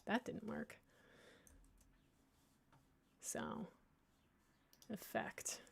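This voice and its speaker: A woman librarian giving a casual software tutorial, thinking aloud, with lots of fillers and restarts and a playful, self-mocking humor. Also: drawn-out words. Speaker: librarian teaching audio editing.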